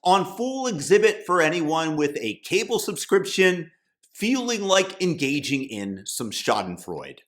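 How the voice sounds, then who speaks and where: A man's voice: on the high side, big pitch swings, a little slow, a bit bright. A man from Boston hosting a political commentary, talking in a mocking, sneering and theatrical way.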